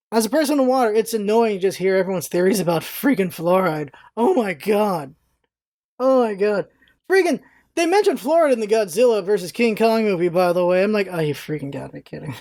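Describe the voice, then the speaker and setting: A woman ranting in a casual vlog, animated and exasperated, laughing often and swearing freely. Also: mid-range voice, dry recording, clean studio sound. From United States. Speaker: vlogger, show host.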